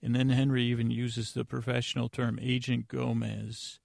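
A man hosting a podcast, giving a rambling, deadpan comedic recap of an episode with lots of fillers and restarts. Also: mid-range voice, moderate pace, vocal fry, no echo, studio quality. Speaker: podcast host.

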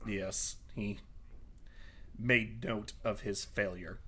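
A man voicing an arrogant ancient male monster that speaks slowly with low contempt. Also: expressive, sharp tone, slight background noise. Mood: menacing.

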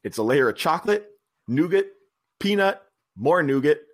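A man voicing a brash, crude retired boxing champ, pitched higher and slower than his own voice. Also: sing-song. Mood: boastful. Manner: crude bragging lines. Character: brash loud-mouthed male boxing champ.

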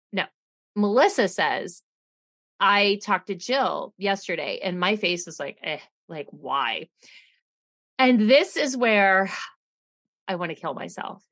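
A woman talking casually on a podcast, recapping an episode with a dry, sarcastic edge. Her pitch sits in a middle range, and she tells the story at an easy, conversational clip. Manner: chatty, sarcastic, animated retelling with quoted voices. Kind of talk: casual chat.

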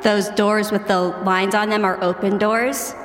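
A woman voicing a lonely ghost of a young man who speaks gently and explains things. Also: mid-range voice, steady tone, a little slow, slight background noise, natural voice. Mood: helpful. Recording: echoey, with long reverb.

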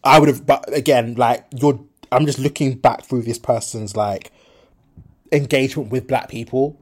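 A man's voice: medium pitch, fairly even intonation, normal speed. A young man from the Midlands, switching between a Birmingham and a London accent, talking frankly in a rambling solo podcast monologue full of fillers and restarts. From English Midlands. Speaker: podcast host.

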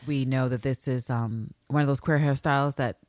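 A woman's voice: a bass voice, moderate pace, dry recording, studio quality. A woman co-hosting a casual podcast, chatting animatedly, reading diary passages aloud and laughing often. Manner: animated, laughs often, acts out people being paraphrased. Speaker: podcast co-host.

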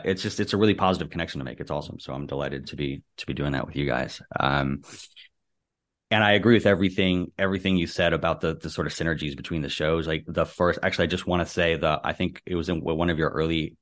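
A man hosting his podcast, talking in a friendly, rambling and halting way over a remote call. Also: low voice, fairly bright tone. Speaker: podcast host. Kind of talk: casual podcast chat.

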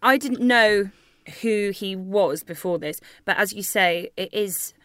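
A woman's voice: medium pitch, unhurried, sharp tone, no echo, clean studio sound. Opinionated woman co-host. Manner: chatty, opinionated, swears, laughs. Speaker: podcast co-host. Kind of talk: casual chat.

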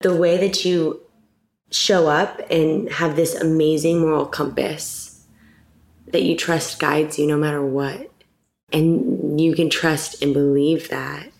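Woman guest chatting openly, gravelly low-ish voice, echoey room. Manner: animated and candid, laughs often, quick bursts. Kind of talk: casual heartfelt conversation.

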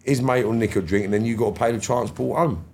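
A man's voice: medium pitch, fast, a little hiss or hum. A middle-aged man, a podcast guest telling stories casually, acting out conversations with slang and swearing. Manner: animated, acts out dialogue with slangy swearing. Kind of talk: casual storytelling interview.

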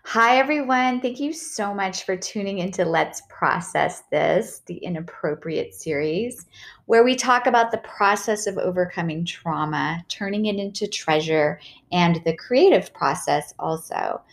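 A woman's voice: fairly low pitch, lively intonation, unhurried. A woman comedian hosts her podcast in easygoing chat. She sounds bubbly and playful, slipping little jokes into her talk.

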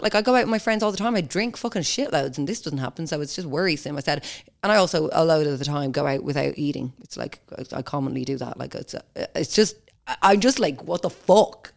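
A young woman hosting a podcast, telling a story in a blunt, sweary, animated way. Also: sits low. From Ireland. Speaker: podcast host. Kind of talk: casual monologue.

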